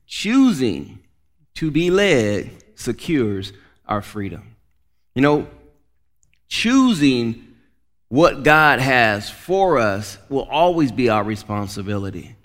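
A man's voice: medium pitch, very animated, takes it slowly, a bit bright. Emphatic preacher man in a reverberant hall. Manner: emphatic, repeats and restarts words. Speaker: pastor. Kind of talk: sermon. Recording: long reverb of a large hall.

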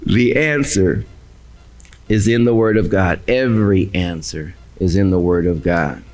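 A male pastor preaching a sermon with dramatic pauses. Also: low-pitched, a little mellow.

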